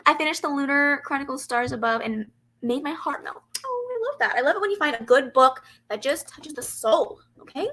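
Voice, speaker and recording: A young woman hosts a casual booktube reading livestream from a home room with a fan running, chatting animatedly and giggling as she answers comments. Her brisk, sing-song voice sits high with a sharp tone, and the audio is poor.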